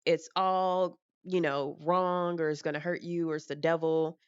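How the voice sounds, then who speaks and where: A young woman vlogger chats casually and frankly about her personal life, rambling through her thoughts and swearing now and then. Her low, smooth voice stays level and unhurried. The recording is dry and close, though a little dull.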